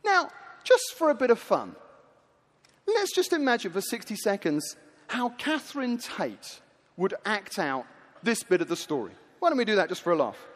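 High-voiced male preacher in an echoing hall. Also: normal speed. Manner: lively storytelling, rousing. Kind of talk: sermon. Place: large hall with an audience. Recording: echoey large hall.

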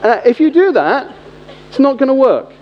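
A man in his forties preaching a humorous, animated sermon in a church. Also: very high-pitched, moderate pace, noisy background. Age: 40s. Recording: echoey hall, dull lo-fi sound.

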